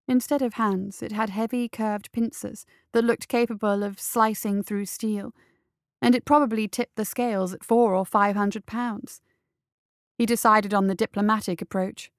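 A woman narrating a fantasy story in a measured, deliberate reading. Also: mid-range voice, fairly even intonation, dry recording, studio quality. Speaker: story reader.

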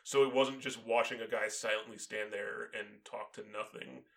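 A man's voice: fairly low pitch, fairly even intonation, normal speed, vocal fry, fairly bright tone. A man in casual chat, talking in a rambling way and filling his sentences with "like" and "um". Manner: rambling, full of "like" and "um".

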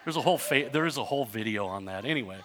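An older man preaching a sermon, telling stories in a conversational way with restarts and building to emphatic, animated runs. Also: medium pitch, racing. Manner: conversational storytelling with self-interruptions. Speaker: pastor.

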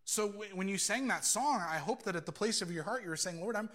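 A man's voice: high-pitched, animated, fairly quick, a bit bright. A man preaching a sermon as pastor, telling the story with animation and acting out the voices he quotes.

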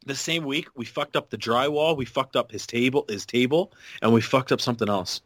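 A man's voice: medium pitch, a little fast, fairly bright tone, no echo. A young man co-hosting a podcast in casual chat, brash and full of swearing.

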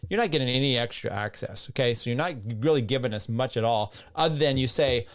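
A man's voice: mid-range voice, a little fast, hardly any pauses. A middle-aged man hosting a cycling podcast, rambling bluntly in casual solo commentary and reading listener comments aloud.

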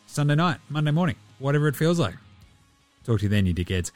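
A man's voice: on the high side, very animated, fast, darkish tone, dry recording, faint music behind. A man, signing off his podcast in a laid-back, cheeky and slangy way. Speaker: podcast host. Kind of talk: casual podcast sign-off.

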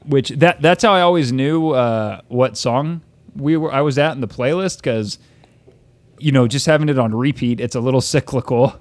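A man's voice: medium pitch, moderate pace, dry recording. Brief casual male co-host, dry sound. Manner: loose and profane, with frequent restarts. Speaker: podcast co-host. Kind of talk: casual chat.

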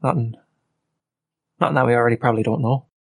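Man, mid-pitched voice, hesitant, halting, dry close sound. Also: fairly even intonation, creaky, slightly rough, no echo. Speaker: player. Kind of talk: playing a tabletop game in character.

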